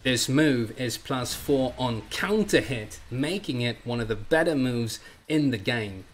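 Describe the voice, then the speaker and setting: A man with a stuffy cold doing a slow, explanatory impression of a male fighting-game analyst. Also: medium pitch, lively intonation, slight background noise, close to an everyday voice. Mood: explaining. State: congested from a cold.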